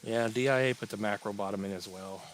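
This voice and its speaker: A man's voice: on the low side, fast, slight background noise, poor audio. A man hosting a live crypto chart stream, talking casually and rambling, yawning now and then as he answers chat. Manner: relaxed, rambling, yawning, reading chat aloud. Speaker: crypto livestream host.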